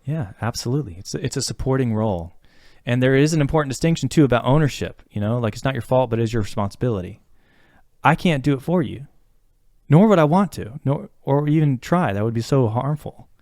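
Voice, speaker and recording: A man's voice: medium pitch, fast, a little mellow, dry recording, studio quality. A man co-hosting a podcast, talking in an earnest, reflective way with many fillers and restarts. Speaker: podcast co-host. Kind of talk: casual podcast conversation.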